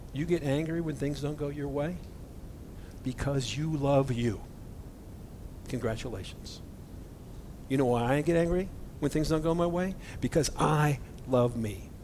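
Man, pastor, high voice, conversational sermon, earnest, indignant, faint background noise. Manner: earnest, indignant, talks to listeners directly.

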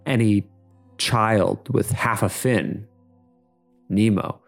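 A man narrating an improvised shared story in a measured, dramatic way, with pauses. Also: on the low side, gravelly, soft background music.

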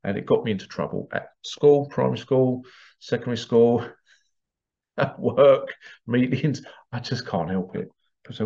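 Man, podcast host, rambling, digressive, vocal sound effects, medium pitch, dull lo-fi audio. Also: expressive, normal speed, a little mellow. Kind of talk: casual rambling monologue.

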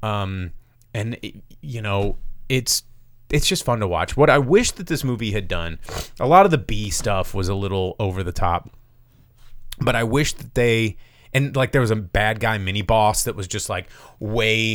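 A man hosting a casual movie review chat, telling plots with profanity and quick acted-out lines. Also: lowish voice, lively intonation, a bit bright. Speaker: podcast host reviewing movies.

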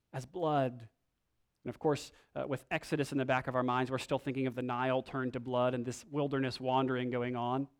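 A man preaching a sermon, reading scripture aloud and moving between emphatic lines and hushed ones. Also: a little high, clear, resonant tone. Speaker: pastor.

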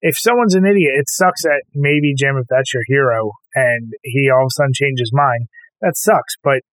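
A man co-hosting a casual podcast, dismissive in tone and leaning on fillers as he talks. His voice is at a middle pitch. The sound is dry and close to the mic. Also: normal speed, a bit bright, dry recording, poor audio. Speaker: podcast co-host. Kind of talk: casual chat.

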